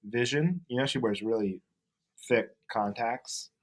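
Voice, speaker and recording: A man's voice: mid-range voice, measured pace. A man co-hosting a comedy podcast, chatting casually and rambling through a story about his wife. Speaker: podcast co-host. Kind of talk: casual chat.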